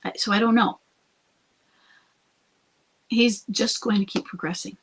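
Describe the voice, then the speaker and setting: Husky woman giving advice. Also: medium pitch, fairly even intonation, measured pace, low-quality recording. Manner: conversational, thinks aloud, sometimes drops to a whisper. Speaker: podcast host and coach. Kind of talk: advice talk answering a listener.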